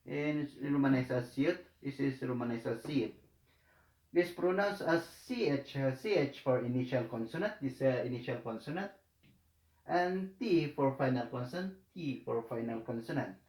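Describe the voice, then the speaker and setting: A man teaching a language lesson in a slow, halting way, with many fillers and repeated words. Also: medium pitch, a little mellow. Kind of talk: slow hesitant tutorial explanation. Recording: echoey room.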